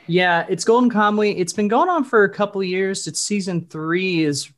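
This Dallas-Fort Worth man, a voice actor, appears as a guest on a laid-back podcast interview. His high-pitched, slightly bright voice moves at normal speed, and he rambles, stops and starts, corrects himself, and laughs a lot.

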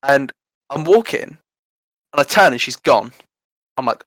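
Speaking unhurriedly with lively intonation, this medium-pitched, fairly bright-toned eighteen-year-old with an English accent is a guest storyteller on a casual podcast. His anecdotes ramble, poke fun at himself and are full of laughter, captured in a dry, low-quality recording.

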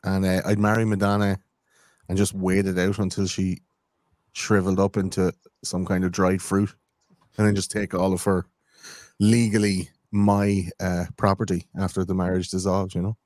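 A man's voice: deep voice, flat delivery, normal speed, darkish tone, dry recording, clean studio sound. A man guesting on a podcast, rambling through sarcastic, crude jokes. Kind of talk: crude casual banter.

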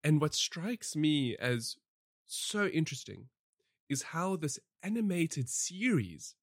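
A man co-hosting a podcast, reviewing films and shows in a casual, animated way, with lots of fillers and restarts. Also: a little high, slow, no echo, studio quality.

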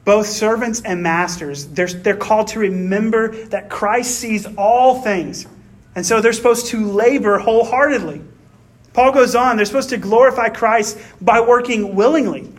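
High-voiced man preaching a casual sermon. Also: normal speed. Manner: chatty, tag questions and personal anecdotes. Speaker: pastor. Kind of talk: conversational sermon.

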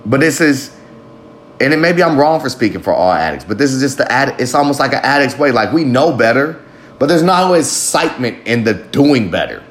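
A man in a candid personal monologue, wandering from thought to thought with plenty of swearing and self-mocking laughter. His voice sits at an ordinary middle pitch. It bounces around a roomy space, with a faint ambient hum underneath. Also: expressive, fairly quick. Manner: rambling, profane, self-reflective, laughs often.

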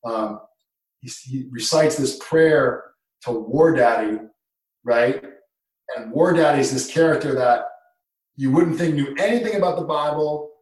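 A man who was a dean of students, telling stories in a casual chat, animated and swinging from hushed tones to loud bursts. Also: mid-range voice, a little slow. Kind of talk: casual storytelling in conversation. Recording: echoey room, distant mic.

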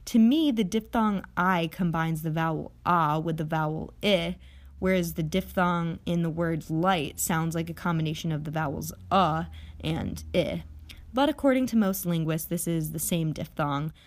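A young woman hosting an audio lesson on phonetics, explaining vowels in a chatty way with playful asides and slowing down to model each sound. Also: deep voice. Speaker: podcast host teaching phonetics. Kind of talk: educational podcast lesson. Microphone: audio-only podcast recording.

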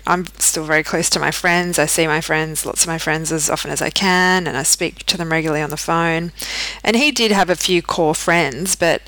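Candid woman with a bright voice. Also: sits low, dry recording, low-quality recording. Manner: candid, frequent restarts and fillers. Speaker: podcast host. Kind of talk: personal storytelling.

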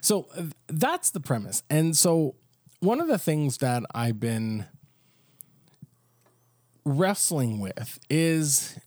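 A man's voice: fairly high pitch, very animated, slow, pauses often, a little mellow, dry recording, clean studio sound. A man co-hosting a casual faith podcast, thinking aloud with frequent restarts and asides. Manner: conversational, thinks aloud with restarts and "you know". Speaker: podcast co-host.

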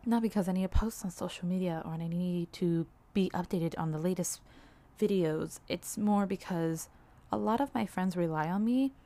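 Candid young woman with a low voice. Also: moderate pace. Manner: candid, rambling, frequent likes and soft laughs. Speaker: vlogger. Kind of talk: personal confessional vlog.

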